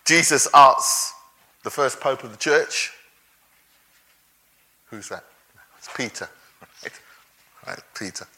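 A man preaching a sermon in an animated way, laughing between points and acting out the quotes he reads. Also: medium pitch, takes it slowly, long pauses.

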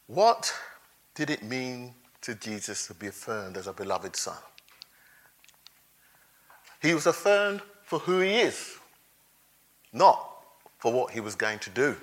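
A man preaching a sermon in an animated way, laughing between points and acting out the quotes he reads. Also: medium pitch, slow pace, pauses often.

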